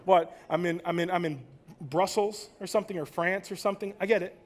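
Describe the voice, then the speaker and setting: American man, forties, high-pitched, conference speaker, rambling profane stories, animated, emotional. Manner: emotional, animated, swears freely. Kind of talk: live stage talk.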